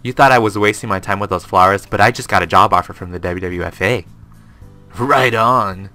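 A man's voice: on the low side, fairly quick, pushed and bright, soft background music. A man voicing a laid-back young surfer dude with a stereotypical surfer drawl, loose and breezy. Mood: excited.

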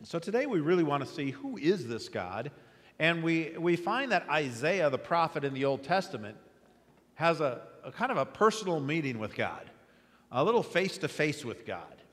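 A man preaching a sermon as pastor, with an animated delivery that rises sharply on repeated words. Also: on the high side, moderate pace. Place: church sanctuary. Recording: long hall reverb.

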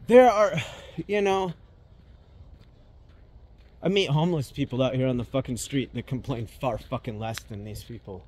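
A man's voice: medium pitch, expressive, slow, long pauses, a little mellow, breathy edge. A man giving a personal monologue, talking bluntly and swearing often, with sudden emphatic swells.

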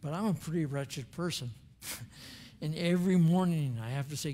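A man's voice: a little high, moderate pace, warm tone. An older man preaching a sermon in a church, earnest and conversational, with prayers spoken aloud.

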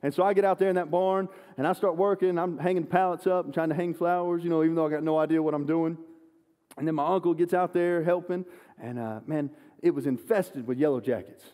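A man's voice: on the high side, quick pace. Man preaching in a reverberant church. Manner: animated, self-deprecating storyteller. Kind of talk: sermon with personal storytelling. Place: church sanctuary. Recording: long church hall reverb.

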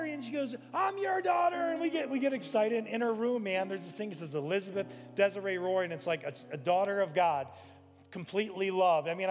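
High-voiced pastor preaching in a reverberant hall. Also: male voice. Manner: impassioned, conversational preaching with personal stories. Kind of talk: sermon. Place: large church sanctuary.

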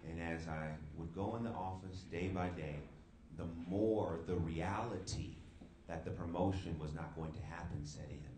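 A man's voice: deep voice, steady tone, normal speed, mellow. A young adult man from the Bay Area preaching a sermon, telling a personal story with asides to the crowd at a live event. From San Francisco Bay Area. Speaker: youth speaker. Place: church hall, live event. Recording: roomy live room with background noise.

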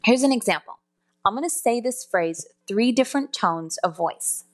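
A woman with a slightly high, expressive voice speaks at normal speed while teaching customer service phone skills in a spoken lesson. She explains things step by step, corrects herself now and then, and demonstrates different tones aloud.

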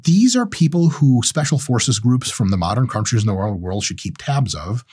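A man hosting his own show, talking in a casual monologue, animated and profane, with big swings in pitch when he voices other people's reactions. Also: husky. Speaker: host.

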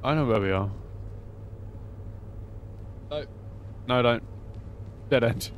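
A man's voice: medium pitch, slow. A man streaming a game, chatting casually with friends and often restarting his sentences. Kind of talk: casual gaming chat. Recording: faint background noise.

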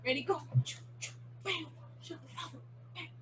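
A woman's voice: very high voice, moderate pace, sharp tone, slight background noise. A young woman teaching a virtual martial arts class to children, calling out punches in an upbeat way over a video call. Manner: upbeat, calls out moves to children. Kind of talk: virtual kids' class instruction.

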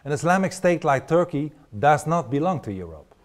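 A man's voice: on the high side, very animated, normal speed. A man with a Dutch accent giving a blunt, declarative political speech.

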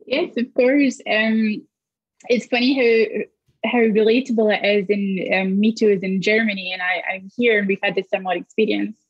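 A woman's voice: medium pitch, normal speed, dull audio. A woman with a Scottish accent, a comedian telling a story on a discussion panel and acting out the dialogue. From Scotland. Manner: animated storytelling with acted-out dialogue. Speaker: comedian guest.

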